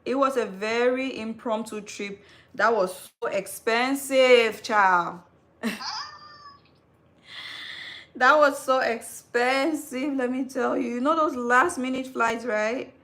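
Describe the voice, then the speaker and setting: Woman in her 30s, live-stream host, lively storyteller, casual chat. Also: on the high side, a little slow. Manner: animated storytelling, calls listener "girl".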